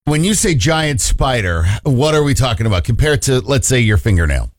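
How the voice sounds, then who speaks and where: A man's voice: mid-range voice, sing-song, normal speed, dry recording. A man co-hosting a casual radio show with a dry, teasing manner. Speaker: radio co-host.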